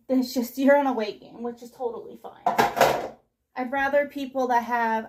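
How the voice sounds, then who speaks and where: A woman's voice: fairly high pitch, noisy background. Breathless woman vlogging while doing dishes. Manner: rambling, self-interrupting, scatterbrained. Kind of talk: casual chat while doing chores. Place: home kitchen, indoors.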